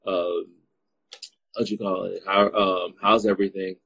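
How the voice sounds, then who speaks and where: A man's voice: low-pitched, flat delivery, a little slow, gravelly, a bit bright, slightly rough, no room sound, poor audio. A man hosting a live stream in casual chat, playful and teasing, rambling with fillers.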